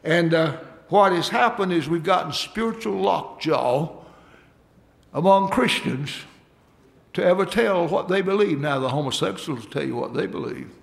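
A man's voice: a little high, moderate pace, creaky. A man preaching a sermon, folksy and emphatic, calling out for amens from the congregation.

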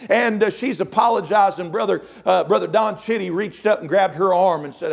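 A middle-aged pastor delivers a fervent sermon. His voice sits a little high for a man, and he keeps his listeners close with repeated calls to listen. He weaves a long anecdote into the preaching. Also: normal speed, creaky, few pauses. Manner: fervent preaching, storytelling, frequent "amen" and "listen".

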